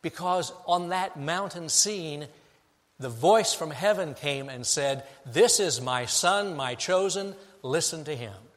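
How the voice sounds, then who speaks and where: A middle-aged man preaches from the pulpit of a church sanctuary, his slightly high voice dropping low and soft before climbing to emphatic peaks. His words ring out with a long reverb through the hall. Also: lively intonation, takes it slowly. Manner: dynamic preaching, swings from hushed to emphatic. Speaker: pastor. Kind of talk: sermon.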